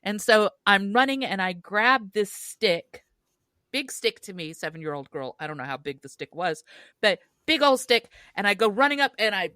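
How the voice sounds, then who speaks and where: A woman co-hosting a podcast, telling a childhood story in an animated way, laughing often and shouting out quoted lines. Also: medium pitch, normal speed, no room sound. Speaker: podcast co-host.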